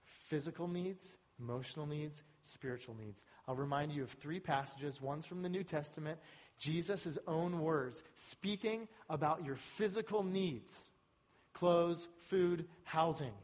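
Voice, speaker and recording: A man with a notably high-pitched voice delivers a sermon from the pulpit. His preaching is earnest, and he leans hard on key words to build emphasis. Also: measured pace. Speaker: pastor.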